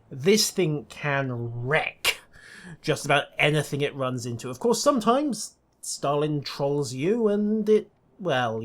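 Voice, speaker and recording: Wry man commentating a tank game. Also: on the high side. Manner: dry, wry, informative. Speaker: gameplay commentator. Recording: loud game noise behind.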